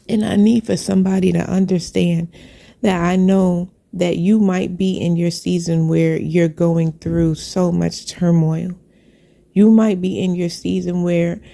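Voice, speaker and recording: A woman's voice: lowish voice, vocal fry, warm tone. A woman sharing a heartfelt personal faith testimony, earnest and repetitive, with preacherly phrasing.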